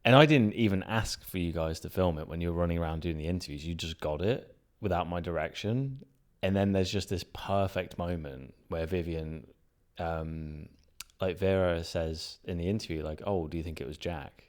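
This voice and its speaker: A man's voice: deep voice, moderate pace. A man, a guest filmmaker, talking casually and animatedly, laughing often and swearing now and then. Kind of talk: casual chat.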